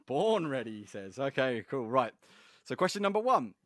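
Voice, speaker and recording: A man's voice: medium pitch, big pitch swings, normal speed, a bit bright, dry recording, clean studio sound. A man hosting a casual podcast quiz, chatty and giggly, rambling with fillers. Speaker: podcast host, quizmaster.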